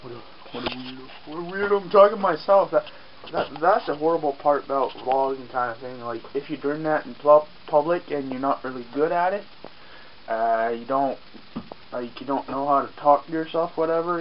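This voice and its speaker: A man's voice: on the high side, moderate pace, slight background noise. Acadian French-accented male vlogger, chatty and self-deprecating, outdoors on a farm, muffled camera audio. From Acadian, New Brunswick. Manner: rambling, self-mocking, swears casually. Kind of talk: casual outdoor vlog. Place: outdoors on a farm, rainy day.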